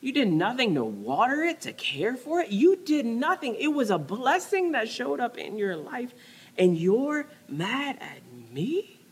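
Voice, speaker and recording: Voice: medium pitch, very animated, a little slow, husky, pitched above the performer's own voice, heavily acted. A preacher acting out God in a sermon, challenging a prophet with exasperated, emphatic questions. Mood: indignant. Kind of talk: dramatized scripture reading in a sermon.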